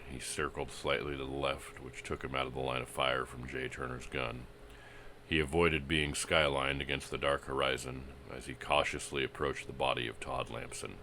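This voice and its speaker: A man with an extremely deep voice narrates a vintage pulp western in a steady, dramatic reading. His delivery is measured and storytelling in tone. A faint hiss sits under the recording.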